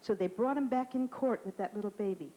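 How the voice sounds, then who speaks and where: A woman's voice: mid-range voice, a little fast, dark tone, low-quality recording. A woman comedian telling stories as a talk show guest, chatty and theatrical, dropping into impressions. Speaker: comedian and singer. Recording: old 1980 TV broadcast with audience noise.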